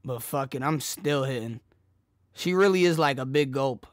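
A young man streaming a casual reaction chat, crude and excitable, jumping between loud outbursts and low mutters into a desk mic. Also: normal speed, dry recording, studio quality. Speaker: streamer reacting to a music video.

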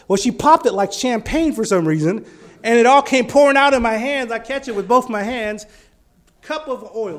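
Man, preacher, high voice, fervent sermon, bursts of loud exclamation.

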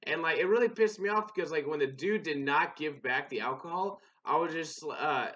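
Young man, gaming commentary, rambling, profane, restarts a lot, somewhat high, bright forceful voice, dull lo-fi mic. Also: moderate pace. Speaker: gaming channel host. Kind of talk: casual gameplay commentary.

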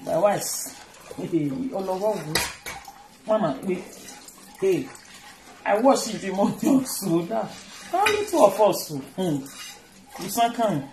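A woman vlogger with a Nigerian accent chats casually and teasingly while doing chores in her home kitchen, rambling and switching between languages. Her medium-pitched voice is slow, with long pauses, reverberant sound, and a noisy background.

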